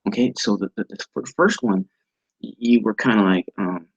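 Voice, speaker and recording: A man teaching an online training class over a video call, halting and often repeating words as he restarts his sentences. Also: on the low side, husky, no room sound, muffled recording. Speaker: instructor.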